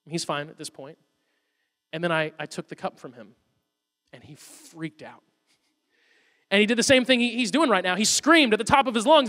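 A man in his thirties, a pastor preaching a sermon, telling a funny, animated story about his son. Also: sits high, fairly quick. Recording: long hall reverb.

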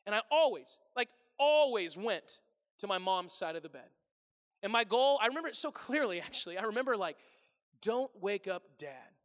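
A man in his thirties, a pastor telling funny stories about his family in a sermon, animated and self-deprecating, acting out his household's voices. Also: sits high, brisk, in a large hall. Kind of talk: humorous sermon storytelling. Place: large church hall before a congregation.

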